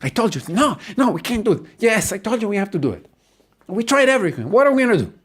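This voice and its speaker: A man doing a frantic, high-pitched pleading relative. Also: very animated, fast, a bit bright, breathy edge, exaggerated voice. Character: desperate pleading relative of a patient.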